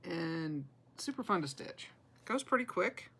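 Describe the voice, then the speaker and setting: A woman's voice: fairly low pitch, sing-song, a little slow, gravelly, fairly bright tone, slightly rough, rough recording. A woman, chatting casually and self-deprecatingly as she shows her cross-stitch projects, laughing often. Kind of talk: casual show-and-tell chat.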